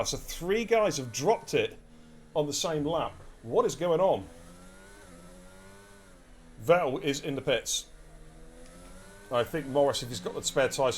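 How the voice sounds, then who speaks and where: Energetic English man commentating a race. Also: mid-range voice, slight background noise. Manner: energetic, chatty, addresses chat directly. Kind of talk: live esports race commentary.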